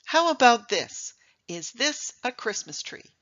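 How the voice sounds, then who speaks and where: Bright-voiced woman giving a lively talk. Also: on the high side, a little slow, dull audio. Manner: lively, emphatic, rhetorical questions. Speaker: speaker giving a talk on English. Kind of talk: presentation to a live audience.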